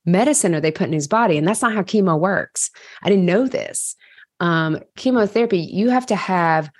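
A middle-aged woman telling a candid personal story in a conversational way, with fillers, who grows animated when she retells her own thoughts. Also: deep voice, dry recording, clean studio sound. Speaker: podcast host reading her journal.

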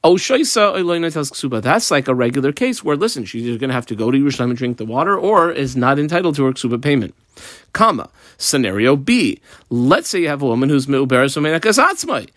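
Lively sing-song male Talmud teacher. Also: mid-range voice, fast, no room sound, clean studio sound. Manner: explains line by line, mixing Hebrew and Aramaic terms. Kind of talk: Talmud lesson walkthrough.

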